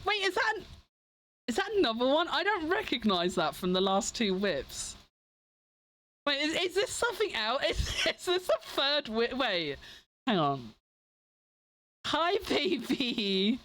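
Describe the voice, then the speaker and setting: A young woman streamer telling stories in casual chat, animated and giggly. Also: high voice, moderate pace, rough recording.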